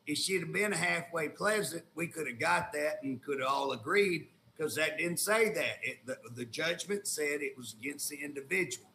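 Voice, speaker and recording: A man's voice: on the high side, moderate pace, hardly any pauses, bright, forceful tone, reverberant, slight background noise. A man with an Oklahoma accent, a state legislator telling a story in folksy, indignant, casual talk with colloquial grammar. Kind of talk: casual talk show conversation.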